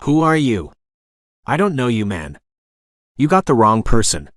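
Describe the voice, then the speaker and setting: A man's voice: medium pitch, sing-song, measured pace, dry recording, studio quality. A man doing a cowering young bully, whiny. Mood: confused. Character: cowering male bully, young adult, pleading.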